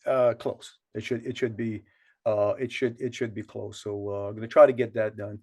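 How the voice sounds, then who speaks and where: A man's voice: on the low side, fairly even intonation, normal speed, darkish tone. A man with a South Louisiana accent, co-hosting a podcast and telling a long, rambling story with many restarts. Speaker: podcast co-host. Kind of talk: casual storytelling chat.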